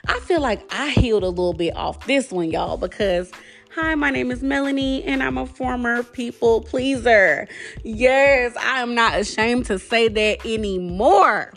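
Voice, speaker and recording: A woman's voice: a little high, lively intonation, normal speed, a bit bright, faint music behind. A woman hosting a self-love podcast, talking in a sassy, direct way and calling listeners baby and girl. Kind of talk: casual podcast talk with affirmations.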